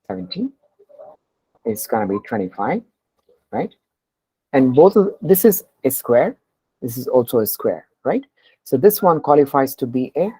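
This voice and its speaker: Woman teaching coding, super low dark voice, keeps going "right?" with lots of uhs and ums. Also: slightly rough, no echo, rough recording. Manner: keeps asking "right?" to check understanding, with frequent pauses and fillers. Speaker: programming tutor. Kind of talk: explaining a coding problem in class.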